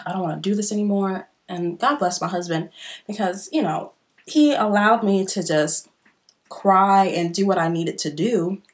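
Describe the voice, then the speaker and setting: A young woman in casual get-ready-with-me vlog chat, chatty and expressive, often talking straight to her viewers. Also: mid-range voice. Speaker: beauty vlogger.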